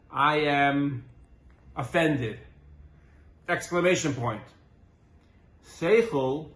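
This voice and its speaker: A man giving a Torah class as a rabbi, earnest and full of rhetorical questions, weaving in Hebrew and Yiddish terms. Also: medium pitch. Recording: roomy echo.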